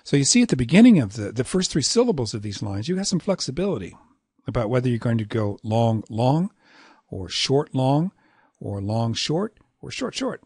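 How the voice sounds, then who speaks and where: A middle-aged man lecturing on poetic meter, reciting verse lines and tapping out syllable rhythms in a relaxed, conversational way. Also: mid-range voice, moderate pace, husky, dry recording. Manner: relaxed, conversational asides with fillers.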